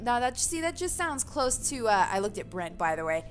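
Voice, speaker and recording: A bright-voiced woman chats and giggles through a game stream, reading the on-screen text aloud. Her voice sits a little high, and faint game music plays in the background. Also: expressive, moderate pace, few pauses. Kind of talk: let's play commentary.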